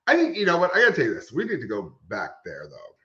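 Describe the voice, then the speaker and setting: A man co-hosting a podcast in casual chat, full of quick jokey interjections. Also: on the high side, huge pitch swings, pushed and bright. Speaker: podcast co-host. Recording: echoey room, dull lo-fi sound.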